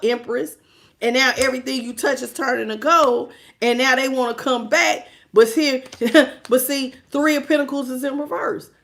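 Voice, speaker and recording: A woman's voice: sits high, a bit bright. A woman doing a tarot reading to camera, sassy and emphatic, often laughing as she talks. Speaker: tarot reader.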